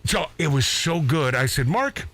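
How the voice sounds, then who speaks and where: A middle-aged man hosts a radio talk show and tells a long, rambling story full of restarts and asides. His voice is bright and fairly high for a man, swinging widely in pitch as he gets animated. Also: normal speed. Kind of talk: casual storytelling chat.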